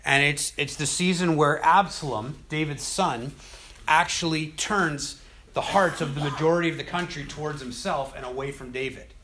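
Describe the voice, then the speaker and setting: A man teaching a casual Bible study, retelling scripture with conversational, animated storytelling. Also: on the high side, normal speed, slight background noise.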